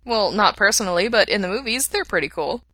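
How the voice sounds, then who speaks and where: A woman voicing a friendly, slightly awkward young man with a lively delivery. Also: medium pitch, a little fast, no echo, pitched above the performer's own voice. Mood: upbeat.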